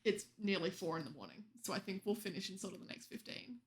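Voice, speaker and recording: A woman's voice: mid-range voice, expressive, fast talker. A young woman streamer chatting casually with viewers late at night, teasing them and laughing often.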